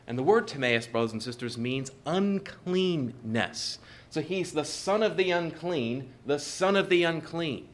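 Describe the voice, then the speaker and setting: A man preaching a sermon in a measured, emphatic way, repeating key phrases for stress. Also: a little high, animated.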